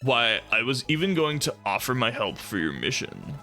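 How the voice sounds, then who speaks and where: A man's voice: mid-range voice, sing-song, moderate pace, pushed and bright, faint music behind. A man voicing a smug, bullying male skunk gang boss in a dude bro voice, reading game dialogue aloud.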